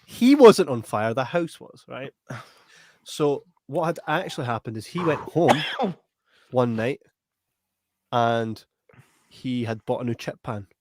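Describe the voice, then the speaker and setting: Slow-paced, with long pauses, a young Scottish man in a mid-range voice hosts a podcast and tells a long story in a casual, rambling style. He's animated and repeatedly tacks on "right?".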